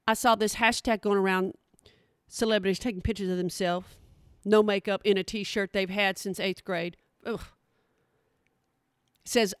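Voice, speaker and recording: A woman's voice: mid-range voice, no echo, studio quality. A middle-aged woman giving a sassy, exasperated comedic rant.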